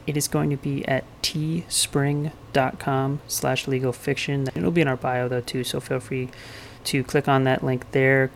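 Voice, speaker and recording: A man's voice: mid-range voice, gravelly, a little hiss or hum. Laid-back young male podcast host. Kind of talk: casual chat.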